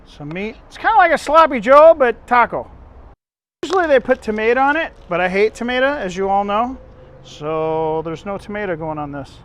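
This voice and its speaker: A man's voice: high-pitched, expressive, normal speed. A man hosting a casual home cooking video, chatting to viewers in a rambling, self-correcting way. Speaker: home cook and channel host.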